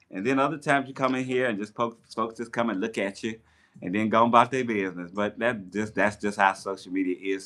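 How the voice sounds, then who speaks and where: A man chatting casually on a livestream while he takes down his hair, telling stories with lively quoted voices. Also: fairly low pitch. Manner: chatty, animated storyteller with playful voices in quotes. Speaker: live streamer. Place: at home doing his hair. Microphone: tablet mic.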